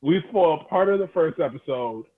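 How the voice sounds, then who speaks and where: Young texas guy rambling and cussing on a podcast, kinda high voice, sounds like it's coming through a phone. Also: lively intonation, normal speed, narrow, tinny audio. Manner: rambling, loose, swears freely, many fillers. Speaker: podcast co-host. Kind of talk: casual chat.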